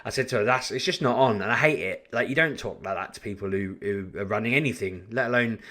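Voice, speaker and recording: A man telling a story in a casual vlog, in an animated, chatty way with frequent restarts. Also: lowish voice, quick pace. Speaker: vlogger.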